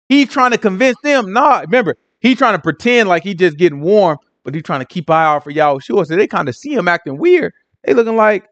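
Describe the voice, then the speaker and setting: Animated high-voiced man, slangy Bible lesson. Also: brisk, no echo, muffled recording. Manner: retells scripture in street slang, acts out the voices of onlookers; keeps checking in with listeners. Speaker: Bible teacher.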